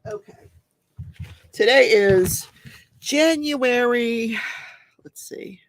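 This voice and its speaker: A woman's voice: mid-range voice, sing-song, a little slow, vocal fry, long pauses. A woman in her forties hosting a live crafting stream, chatting casually, often laughing and reading viewer comments aloud. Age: 40s. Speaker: host of a live crafting show.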